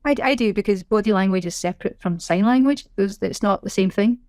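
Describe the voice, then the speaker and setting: A woman's voice: mid-range voice, brisk, darkish tone, no room sound, clean studio sound. A middle-aged woman, a sign language interpreter, explaining things in casual interview chat. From Scotland. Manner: chatty, self-correcting, explanatory.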